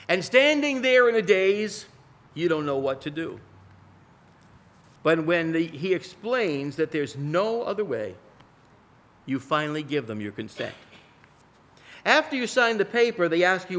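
Animated preacher man with a bright voice. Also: measured pace. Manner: dramatic storytelling, swinging from loud pleas to hushed lows. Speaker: pastor. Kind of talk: sermon.

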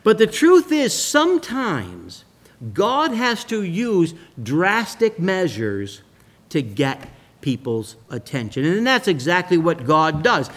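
A high-voiced male preacher who takes his time, drawing the story out slowly. His pitch swings widely as he builds tension and then drops to a hush. He tells the tale like a sermon illustration. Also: huge pitch swings. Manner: slow, dramatic storyteller with sudden rises and drops in voice.

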